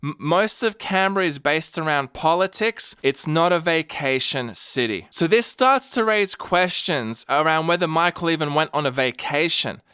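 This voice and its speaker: A man's voice: a little high, expressive, normal speed, few pauses, bright, forceful tone, clear, resonant tone, dry recording, studio quality. An Australian man who hosts fan theories and lays out his argument methodically with rhetorical questions. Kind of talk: explanatory monologue.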